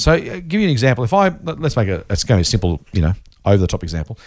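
An Australian man hosts a casual podcast and talks at a quick, eager clip with lots of "you know" and "um." The recording is dry and close-miked, with no room sound. His pitch sits in an ordinary male middle. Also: very animated, darkish tone, no echo. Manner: enthusiastic, quick and chatty, with frequent fillers. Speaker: podcast host.

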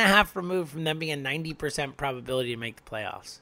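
A young man hosting a casual sports talk, ranting in frustration, his voice swinging from loud outbursts to quiet mutters. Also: a little high, lively intonation, quick pace, few pauses, no room sound. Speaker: sports podcast host. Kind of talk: casual sports commentary monologue.

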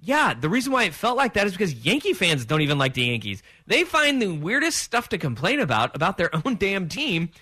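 A man hosting a sports talk radio show, chatting in an animated way and acting out his own reactions. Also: high-pitched, fairly quick, few pauses, slightly rough.

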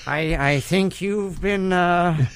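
A man's voice: high voice, slow, clear, resonant tone, no room sound, voice pushed up. A man voicing a nervous, earnest young man in a comic impression sketch, stammering and hesitant.

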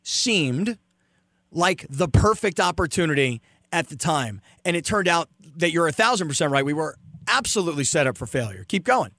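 A man in his forties hosting a podcast, talking in a halting, reflective way with many fillers. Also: on the high side, very animated, fairly bright tone, dry recording. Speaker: podcast host. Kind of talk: casual reflective interview. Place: San Diego.

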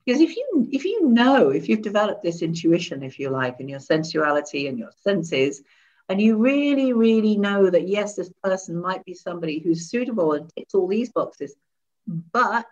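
A woman talking in an interview as a guest expert, animated, laughing often and demonstrating tones of voice while seated. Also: medium pitch, moderate pace, highs cut off. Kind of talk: conversational interview. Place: seated indoors.

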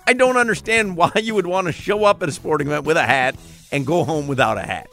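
A man's voice: on the high side, fast, a bit bright, soft background music. A man hosting a sports radio show, joking and teasing his co-hosts in casual banter. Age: adult parent.

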